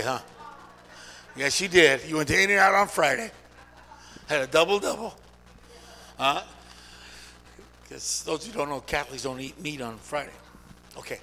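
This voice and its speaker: A high, gravelly male pastor preaching to a congregation, his bright voice ringing through a big hall with long reverb. He calls out to the crowd and swings from shouts to near whispers. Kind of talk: sermon. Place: large church hall.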